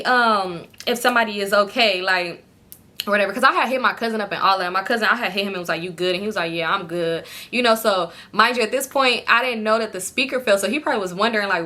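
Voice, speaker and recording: A young woman telling a club story in a casual storytime vlog, animated and profane, talking to viewers as y'all. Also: fast talker. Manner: animated, swings into high-pitched quoted voices.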